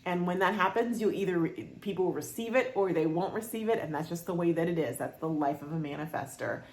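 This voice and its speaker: Casting: woman podcast host, lowish voice, chatty and animated, echoey room. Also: fast talker. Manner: chatty, animated, exasperated asides. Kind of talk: casual solo podcast chat.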